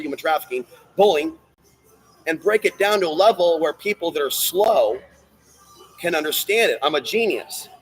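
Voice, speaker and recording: Ranty man rambling on a livestream. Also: rough recording. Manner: ranty, swings from loud bursts to low muttering; talks straight to viewers and the chat. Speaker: livestream host. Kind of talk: rambling solo livestream monologue.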